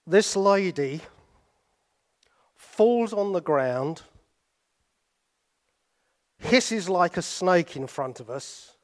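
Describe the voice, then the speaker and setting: A man from Britain preaches to his congregation in a fairly high voice. He tells his stories unhurriedly, pausing often and dropping to quiet asides. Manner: storytelling, with pauses and sudden drops to soft asides. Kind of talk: sermon.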